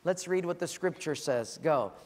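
A man preaching a sermon as a pastor, telling stories with lively acted-out voices and sudden shouts. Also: a little high, normal speed, long reverb tail. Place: church.

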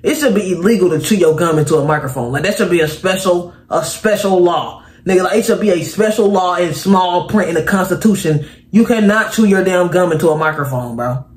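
Young male reaction host, high voice, exasperated casual riffing at a home mic. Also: brisk, hardly any pauses. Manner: animated, exasperated, tosses in "bro" constantly.

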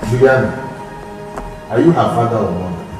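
Actor as coaxing husband, animated delivery; distant, echoey, music underneath. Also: male voice, medium pitch, a little fast, natural voice. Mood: defensive. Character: busy middle-aged husband, defensive and coaxing.

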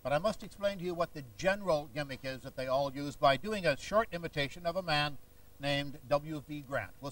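A man lectures an audience like a showman, with theatrical storytelling. His voice sits a little high. The mic is some distance away in the hall. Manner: lively, theatrical storytelling with impressions. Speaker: lecturer and stage conjurer. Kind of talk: public lecture.

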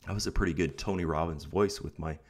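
A sick young man with a rough throat, chatting casually to his viewers as he talks them through his earnings online and keeps peppering his pep talk with "guys" and "right?". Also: a bass voice, fast talker. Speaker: online income vlogger. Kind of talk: casual talk to camera over screen recording.

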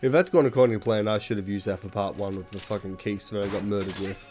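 A man's voice: fairly low pitch, fairly even intonation, quick pace, a little mellow, soft background music. A young man giving rambling, jokey, sweary commentary while playing a video game. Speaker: let's play host. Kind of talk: casual gameplay commentary.

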